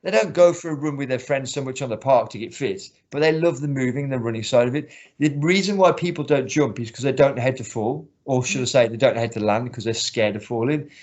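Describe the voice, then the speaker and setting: A man coaching martial arts talks things through in an earnest, rambling way, doubling back on his words. His voice sits at an ordinary middle pitch. The recording is a bit dull and lo-fi. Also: quick pace, hardly any pauses, a little mellow. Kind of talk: casual interview talk. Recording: slightly muffled lo-fi recording.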